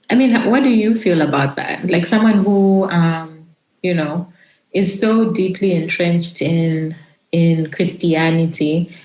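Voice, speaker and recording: Low-voiced woman host in a roomy space. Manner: gentle probing questions with brief affirmations. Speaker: podcast host. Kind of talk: interview questions. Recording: roomy echo.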